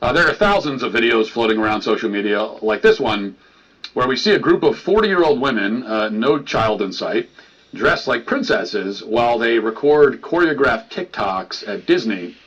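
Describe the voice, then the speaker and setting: A man giving measured, dry, scripted commentary narration, heard in a muffled lo-fi video playback. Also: medium pitch, lively intonation, a bit bright, husky.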